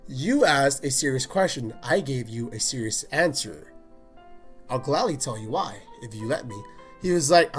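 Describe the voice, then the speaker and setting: Young guy on his podcast, fired up, swearing a lot, jumps from high to low voices doing the other people, faint music behind. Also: normal speed. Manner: animated, swears a lot, acts out quotes in voices. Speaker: podcast host. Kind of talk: casual storytelling rant.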